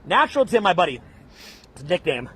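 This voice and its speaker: A man's voice: high voice, sing-song, fairly quick, a bit bright, slight background noise. A man from Canada giving dating advice in a brash, blunt lecture style, calling his listeners bro. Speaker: dating coach.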